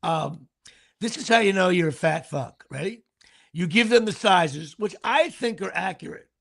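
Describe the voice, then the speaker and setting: A man's voice: sits high, expressive, normal speed, creaky, fairly bright tone. A middle-aged man, hosting a show in casual, comedic, profane chat with stammering repeats. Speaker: podcast host.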